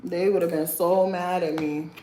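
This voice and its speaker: A woman's voice: fairly low pitch, steady tone, normal speed, heavy background noise. Sassy young woman chatting, roomy echo. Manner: sassy and blunt, addresses viewers as sir and girl; laughs often while talking. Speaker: livestream host. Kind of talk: casual livestream chat.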